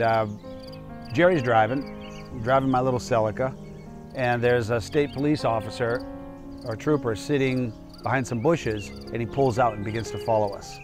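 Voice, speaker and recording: A man in his fifties recounting a personal cautionary tale as a motivational speaker. He talks in a candid, emphatic, conversational way at a middle pitch. Soft music sits faintly underneath. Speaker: doctor and public speaker.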